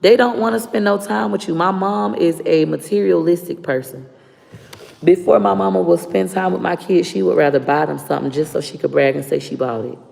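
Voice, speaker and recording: Blunt, profane, and fired up, a woman streamer rants to her viewers at a brisk pace in a lowish, gravelly, slightly mellow voice with fairly even intonation. The room gives a long-reverb echo.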